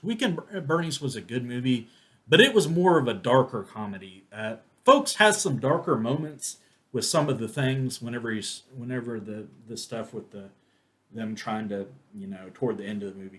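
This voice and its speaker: A man giving a casual, rambling spoken movie review, full of restarts and fillers. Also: medium pitch. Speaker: film reviewer.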